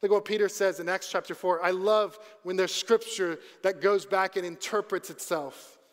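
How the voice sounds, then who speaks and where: A man with a fairly high voice preaches a sermon, asking his listeners question after question. He slows and drops to a quiet voice to stress key points, and his words ring with a long hall reverb. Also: fairly even intonation. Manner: asks the congregation questions, slows and quiets for emphasis. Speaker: pastor.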